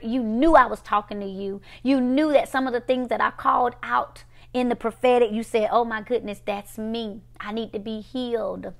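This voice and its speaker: A woman preaching and praying in an impassioned sermon, swinging from loud declarations to hushed whispers. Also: fairly high pitch. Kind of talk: live-streamed sermon and prayer.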